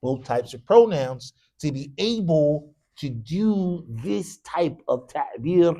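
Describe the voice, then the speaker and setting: A man's voice: on the high side, lively intonation, slow pace, mellow. A man teaching an Arabic class. He drills students call-and-response style, mixing English with short Arabic phrases and quizzing the class with repeated "what?" prompts. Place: mosque classroom.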